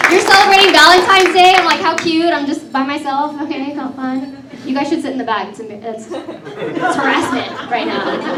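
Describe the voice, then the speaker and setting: Chatty high-voiced woman doing stand-up. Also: echoey room, recorded from a distance, very noisy. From Texas. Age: 30s. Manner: chatty, self-mocking, teases the crowd. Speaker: comedy host. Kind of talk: stand-up comedy set. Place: comedy club show.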